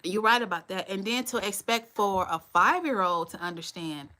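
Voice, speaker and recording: A woman's voice: mid-range voice, expressive, moderate pace, pushed and bright. A woman in her forties hosting a live stream, talking bluntly and straight to her viewers. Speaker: channel host.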